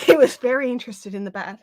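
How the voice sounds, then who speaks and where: A woman's voice: on the high side, quick pace, a little mellow, no room sound. An Australian woman hosting a casual live craft chat, chatty and easily amused, a little out of breath. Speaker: craft livestream host.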